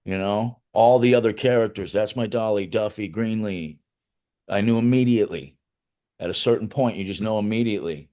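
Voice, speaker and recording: Middle-aged guy w a lowish voice, rambling profane movie stories, lots of restarts. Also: moderate pace, dark tone. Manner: loose, profane, anecdotal with restarts. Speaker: film writer and director. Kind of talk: casual interview storytelling.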